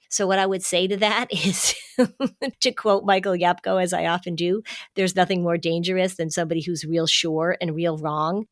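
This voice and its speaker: Middle-aged woman host, lowish voice, dry close mic, calm and emphatic advice. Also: dry recording. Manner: calm, warm-hearted, emphatic, slows for stress. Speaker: podcast host, anxiety expert. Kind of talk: advice podcast, explaining.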